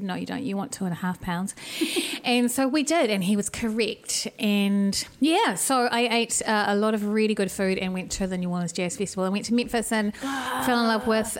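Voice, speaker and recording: A woman with a New Zealand accent telling travel stories in a lively, chatty way on a podcast. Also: mid-range voice. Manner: lively, chatty storyteller, quick and laughing. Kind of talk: casual chat.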